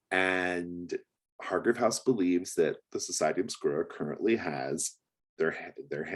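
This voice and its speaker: A man's voice: low-pitched, husky. A man narrating as game master of a tabletop game, rambling and hesitant with many fillers.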